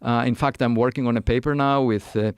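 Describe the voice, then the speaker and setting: A man's voice: medium pitch, fairly even intonation, a little fast, smooth, no echo, studio quality. A man as a guest scientist in a conversational interview, speaking thoughtfully with many fillers and restarts.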